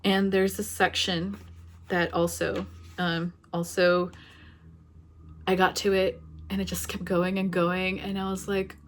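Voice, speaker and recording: A young adult woman giving a casual book review vlog, talking in an emotional, halting way with many fillers and restarts. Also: on the low side, level tone, a little hiss or hum.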